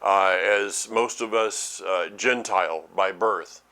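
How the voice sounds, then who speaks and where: A middle-aged man teaching a sermon to his ministry's followers, often halting and repeating words as he thinks aloud. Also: deep voice, bright, forceful tone.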